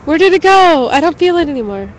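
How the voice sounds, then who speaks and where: A woman's voice: sits high, sing-song, fast, poor audio. A woman hosting a casual phone livestream outdoors at night, chatty and swearing casually. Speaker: livestream host. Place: outdoors at night on a city street. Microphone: phone held in hand. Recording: phone recording with faint street noise.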